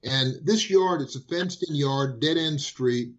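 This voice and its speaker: A man telling hobby stories in casual chat, lively and full of restarts. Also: fairly high pitch, a little slow, lo-fi sound, a little hiss or hum. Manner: animated, repeats and restarts phrases. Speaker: guest. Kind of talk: casual storytelling.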